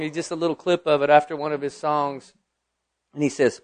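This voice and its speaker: A middle-aged pastor delivering a sermon in a fairly high voice. He rises to loud, emphatic declarations and then drops to soft, quiet storytelling. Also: fairly even intonation, fairly quick.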